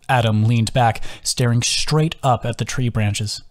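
A man, the author, reading his own novel as an audiobook in a calm, even storytelling manner. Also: mid-range voice, a little slow, few pauses, no echo, clean studio sound. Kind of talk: audiobook narration.

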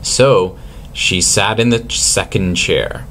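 A man reading a classic fairy tale aloud to children in a gentle, expressive way. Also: low-pitched, takes it slowly, slight background noise. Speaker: storyteller for children.

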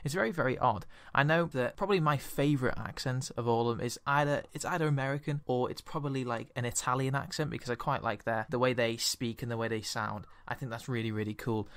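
A man's voice: mid-range voice, fast talker, few pauses, fairly bright tone, dry recording. A man with an English accent, chatting in a casual, rambling voice-over commentary over gameplay, often repeating words. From England. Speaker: gaming commentator.

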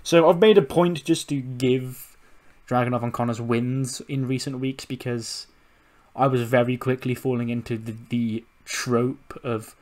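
A man's voice: medium pitch, steady tone, moderate pace, darkish tone. A man narrating a wrestling management game in a laid-back, casual way, swearing freely. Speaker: video game commentator. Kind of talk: casual let's-play narration.

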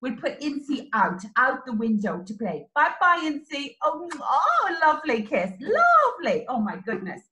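A woman teaching young children, animated and sing-song, with exclamations and little songs. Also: high-pitched, normal speed, few pauses. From Ireland. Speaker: early years teacher. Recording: roomy echo.

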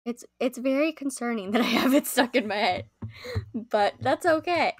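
A young woman chatting casually to viewers as she plays a game on a live stream, easily excited. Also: a little high, fairly quick, slightly rough.

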